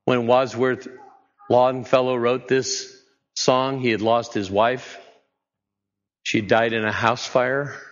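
Man preaching, casual and chatty, asks the congregation questions, middle-pitched, muffled lo-fi audio. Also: fairly bright tone, in a large hall. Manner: conversational, asks the listeners rhetorical questions. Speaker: pastor. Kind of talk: sermon.

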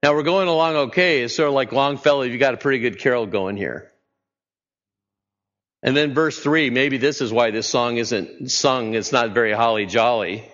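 A man's voice: mid-range voice, normal speed, fairly bright tone, big-room sound, dull audio. A man preaching a sermon in a conversational way, often putting questions to his listeners. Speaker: pastor.

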